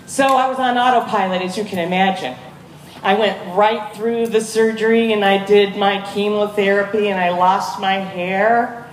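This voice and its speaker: A woman in her fifties giving an energetic, rallying speech as guest speaker at a charity walk, calling out to the crowd. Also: mid-range voice. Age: 50s. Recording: echoey PA from far off, crowd noise.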